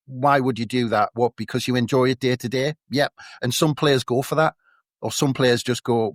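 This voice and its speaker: A man's voice: medium pitch, fairly quick, no echo. North east english guy rambling through football chat, dry close mic. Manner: thoughtful, rambling with restarts. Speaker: podcast co-host.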